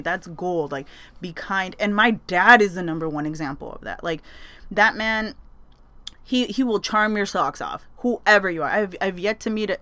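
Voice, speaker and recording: A woman's voice: lowish voice, a bit bright, no echo. A young woman telling a story casually, chatty, with lots of fillers and frequent swearing. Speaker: vlogger sharing advice.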